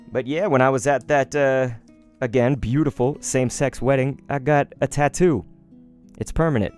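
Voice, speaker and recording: Man, thirties, rambling streamer, casual chat, excitable outbursts, faint music behind. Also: medium pitch, smooth. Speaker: card-opening streamer.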